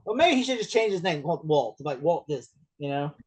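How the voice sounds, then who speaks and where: A man with a fairly high voice talks through a film in casual chat. He rambles, restarts and keeps breaking into laughter as he jokes. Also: very animated, fairly quick, slightly rough. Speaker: podcast host. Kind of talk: casual movie discussion.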